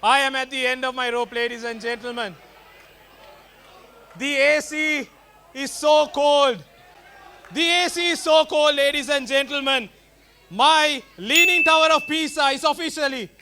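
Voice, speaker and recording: Sri guy doing standup, really high bright voice, rambly and self-roasting. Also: moderate pace. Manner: rambling, self-mocking, addresses the crowd. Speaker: stand-up comedian. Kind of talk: stand-up storytelling.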